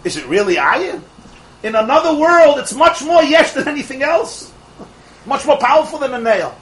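A man teaching a Torah class to a live group of students, an animated storyteller who fires off rhetorical questions and laughs at his own jokes. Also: extremely high pitch, normal speed, low-quality recording. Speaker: religious teacher.

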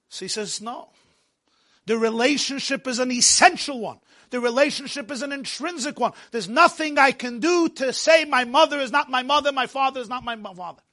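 A man teaching a Torah class, animated and joking, mixing Yiddish and Hebrew words into his English while telling stories. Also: very high voice, moderate pace. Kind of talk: lecture with storytelling.

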